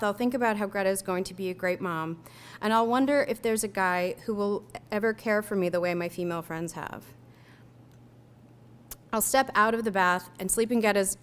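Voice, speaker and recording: Young woman, author reading her own essay, smooth clear voice, measured and reflective delivery. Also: mid-range voice, fairly bright tone. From United States. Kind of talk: reading a personal memoir aloud.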